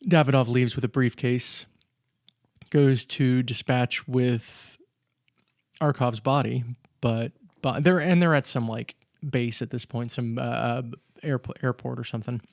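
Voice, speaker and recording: A man's voice: medium pitch, steady tone, unhurried, gravelly, a little mellow, no echo, studio quality. A man co-hosting a podcast, casually recapping a film's plot step by step with fillers. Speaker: podcast co-host. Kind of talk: casual chat recapping a film.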